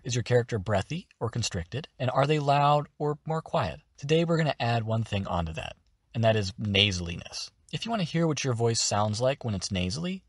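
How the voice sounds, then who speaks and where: A man's voice: medium pitch, husky, dry recording, clean studio sound. A man hosting a voice-acting tutorial, explaining steps in an upbeat, encouraging way. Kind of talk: instructional narration.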